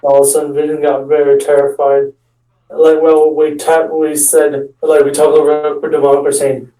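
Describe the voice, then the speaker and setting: A man's voice: mid-range voice, level tone, moderate pace, warm tone, recorded from a distance. A young man telling a long, rambling comic story, restarting often and acting out the quotes. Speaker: stand-up comedian telling a story. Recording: echoey room, voice off-mic.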